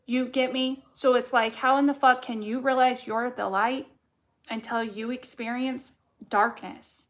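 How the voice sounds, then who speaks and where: A woman's voice: on the high side, steady tone, a little slow, fairly bright tone. A young adult woman giving a casual tarot card reading, blunt and fired up, swearing heavily as she talks.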